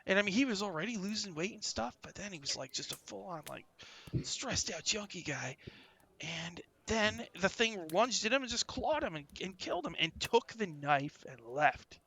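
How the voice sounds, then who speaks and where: A man's voice: sits high, expressive, moderate pace, gravelly, sharp tone, husky, full character voice. A man voicing a twitchy, drug-addled male street dog who rambles in slang and gets defensive, in a tabletop game. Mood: rambling. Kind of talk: in-character role-play.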